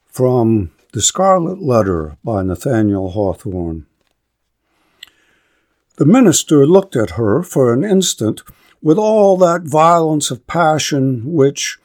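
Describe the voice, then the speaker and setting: Slow, measured male narrator. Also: mid-range voice, a little mellow. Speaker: podcast host. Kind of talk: scripted narration, reading a novel aloud.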